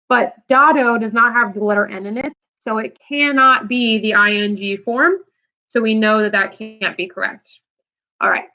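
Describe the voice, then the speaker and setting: A woman teacher explains quiz answers to her students in an upbeat, chatty way. Her voice is bright and a little high. The recording sounds dull and lo-fi. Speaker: Spanish teacher. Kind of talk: recorded lesson walkthrough.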